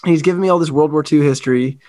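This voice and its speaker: An American man co-hosting a podcast, telling a travel story in a lively, casual way and acting out the people in it. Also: on the high side, racing, no room sound. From United States. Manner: animated storyteller who acts out quoted people. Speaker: podcast co-host.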